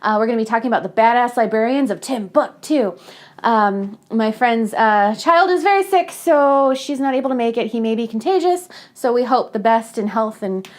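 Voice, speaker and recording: A woman's voice: on the high side, expressive, normal speed. A woman from the hosting a casual book club podcast, chatty and giggly with lots of fillers. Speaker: podcast host.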